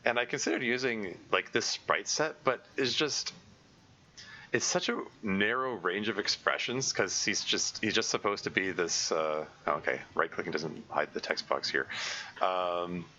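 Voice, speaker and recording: A man's voice: sits low, unhurried, pushed and bright, muffled recording. A man reading a visual novel aloud with commentary, stammering, repeating words and laughing often. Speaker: let's play gamer.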